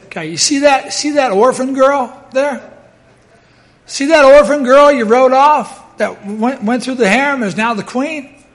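A man's voice: extremely high pitch, a little slow, long reverb tail, voice pushed up. A man preaching, voicing God as a firm, assured deity who insists and repeats himself. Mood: confiding. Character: God, an all-powerful male deity, calm and assured.

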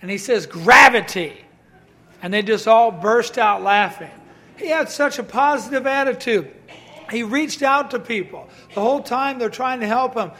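A man's voice: normal speed, a bit bright. A man preaching a sermon, telling stories with quoted voices and reading scripture, rising into emphatic bursts. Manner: high voice that rises to emphatic bursts.

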